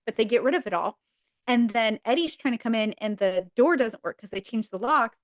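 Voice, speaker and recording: A woman guest on a podcast, chatting casually and retelling sitcom episodes in an animated way, acting out the characters' lines. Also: on the high side, brisk, no echo, clean studio sound. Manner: animated storyteller who acts out characters' lines.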